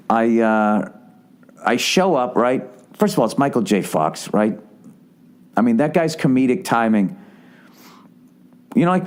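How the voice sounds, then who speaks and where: In a low, darkish voice, a man in his forties runs a solo podcast, spinning a long tale laced with swearing and self-mockery. He restarts often and wanders into asides.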